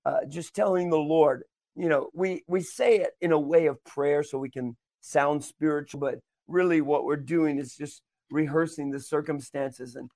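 A man's voice: on the high side, steady tone, normal speed, hardly any pauses, a little mellow. A pastor preaching with passion as a guest, dramatically acting out his own prayers and often stammering and repeating words in emotional bursts. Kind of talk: impassioned prophetic preaching.

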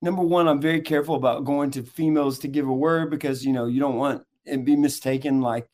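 A man's voice: a little high, fairly even intonation, fast talker, darkish tone. A man, a guest minister and author, giving earnest, preacher-like answers in an interview.

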